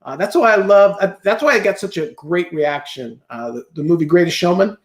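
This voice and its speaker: A man with a high-set voice tells business stories as a podcast guest, acting out his own past thoughts. He talks in quick bursts and keeps asking "right?" to pull the listener along. The sound is roomy, with a clear echo around him. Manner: animated storyteller who acts out his own past thoughts; fast bursts with rhetorical "right?" check-ins. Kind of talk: casual interview chat.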